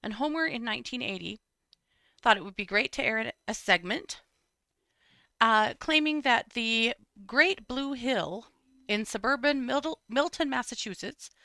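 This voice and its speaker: A woman's voice: fairly high pitch, expressive, a little slow, sharp tone, dry recording, studio quality. A woman co-hosting a casual true crime chat show, telling stories in a wry way. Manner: storytelling, wry, frequent "mm-hmm". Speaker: podcast co-host.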